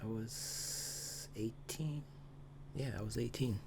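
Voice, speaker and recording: A man's voice: mid-range voice, takes it slowly, vocal fry, noisy background. A man making laid-back, sleepy comments while reacting to a video.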